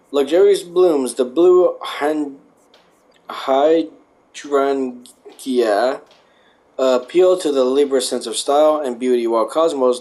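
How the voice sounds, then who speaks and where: A man's voice: mid-range voice, a little mellow. A man casually reading aloud, stumbling and correcting himself, and adding wry joking asides. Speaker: vlogger.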